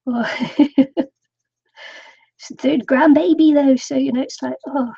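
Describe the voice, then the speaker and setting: A woman's voice: high-pitched, steady tone, measured pace, gravelly, dark tone, no room sound. An older woman chatting casually to viewers on a craft live stream, laughing often. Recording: dull lo-fi home recording.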